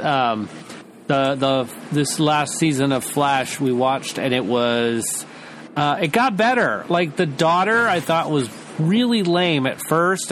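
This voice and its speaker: A man co-hosting a podcast in casual chat, excitable and quick to laugh. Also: a little high, slight background noise. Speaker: podcast co-host.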